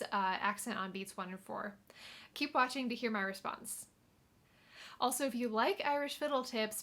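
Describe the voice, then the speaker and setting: A woman's voice: on the high side, pushed and bright, slight background noise. A young woman teaching fiddle in a video tutorial, explaining in a friendly, casual way with small fillers. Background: fiddle playing between phrases.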